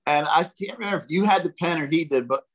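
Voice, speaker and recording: An older man, a former ballplayer, telling animated stories as a podcast guest and acting out the quotes. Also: a little high, fast, slightly rough, poor audio. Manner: animated, jokey storyteller who acts out quotes. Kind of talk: casual storytelling.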